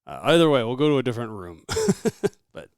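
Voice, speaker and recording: A man hosting a casual podcast, rambling and relaxed with lots of fillers. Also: mid-range voice, fast, clear, resonant tone, dry recording, studio quality. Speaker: podcast host.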